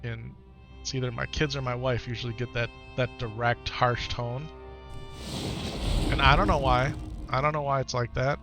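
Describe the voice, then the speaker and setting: A middle-aged man with a gravelly, fry-edged voice of ordinary pitch chats live to his stream audience. He talks earnestly and reflectively, circling back to repeat his points, with soft music playing faintly behind him. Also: level tone, normal speed, long pauses. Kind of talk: casual chat to stream viewers.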